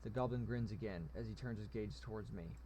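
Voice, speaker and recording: A man's voice: fairly low pitch, a little fast, dark tone, a little hiss or hum. A man reading a text adventure aloud in a casual manner, with occasional asides. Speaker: reader of a story game.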